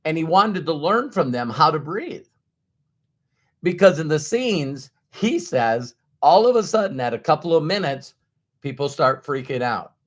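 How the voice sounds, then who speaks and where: A man giving a motivational talk to an audience, acting out everyday inner voices in an animated way. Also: fairly high pitch, a little slow. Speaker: motivational speaker.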